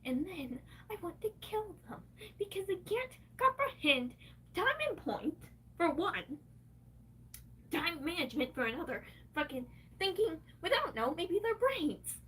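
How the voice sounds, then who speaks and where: A woman's voice: very high voice, big pitch swings, measured pace, a bit bright, far from the mic, a little hiss or hum. A woman livestreaming, venting in an angry, profane rant.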